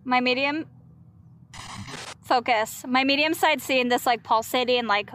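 A woman acting as a medium on an outdoor ghost hunt, relaying spirit box words in halting, drawn-out fragments. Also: sits high, fairly bright tone, a little hiss or hum. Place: outdoors in a park at night.

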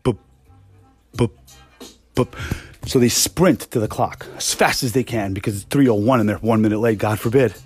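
A man hosting a podcast, ranting casually and profanely with exasperated, animated energy and a husky voice. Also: lowish voice, a little fast, few pauses, faint music behind. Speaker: podcast host. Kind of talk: casual rant monologue.

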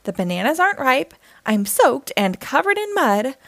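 A woman's voice: sits high, very animated, normal speed, gravelly, a bit bright, no echo, exaggerated voice. A woman voicing a grumpy male monkey who grumbles and snaps in a storybook. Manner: grumbling, snapping.

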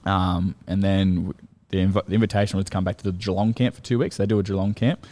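A young Australian man, a rugby league player, telling excited stories as a guest in a casual chat, swearing freely. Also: low-pitched, fast talker. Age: young adult.

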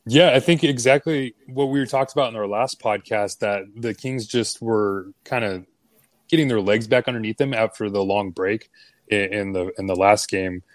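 A man co-hosting a sports podcast, giving a relaxed, rambling breakdown of a game. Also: lowish voice, moderate pace, no echo. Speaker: co-host, analytics. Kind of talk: casual sports podcast chat.

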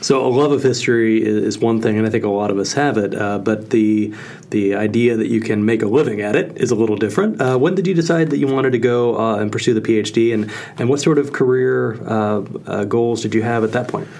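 A man with a fairly low voice hosts the conversation. He asks his questions in a measured way and stumbles over a few restarts as he gets to the point. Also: a little mellow. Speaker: podcast host interviewer. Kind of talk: interview questions.

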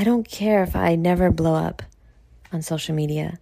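A New York woman with a matching accent hosts a podcast as a casual monologue, blunt, profane and rambling, occasionally dropping into near-whispered asides. Her voice is lowish and dark with vocal fry, at a normal pace, with no room sound.

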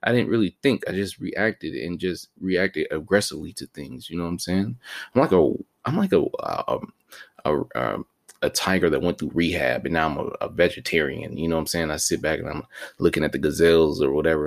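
A man's voice: rumbling low, animated, a little fast, creaky. A man talking in a slang-heavy, rambling and self-mocking casual monologue as a podcast host.

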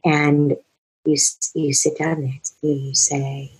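A woman's voice: low voice, little pitch movement, measured pace, a little mellow, breathy edge, poor audio. A woman giving a long earnest explanation of child discipline as a parenting expert, now and then acting out parents and children. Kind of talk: explanatory talk answering a question.

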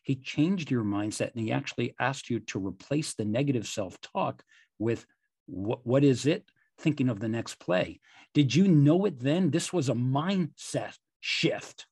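A man hosting an interview podcast, asking long, measured, thoughtful questions. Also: medium pitch, expressive, a little mellow, slightly rough, no room sound. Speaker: podcast host.

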